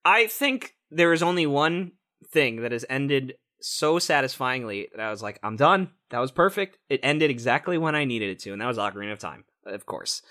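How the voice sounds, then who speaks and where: Young guy on a podcast, bright forceful voice, swears a lot, keeps restarting. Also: medium pitch, brisk. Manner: animated, swearing, many restarts. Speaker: podcast co-host. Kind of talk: casual chat.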